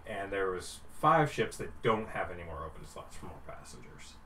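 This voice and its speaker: Game master, male, lively narration, roomy distant home recording. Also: low-pitched, moderate pace, a little hiss or hum. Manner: animated, drops into character voices. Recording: roomy, off-mic with faint ambience.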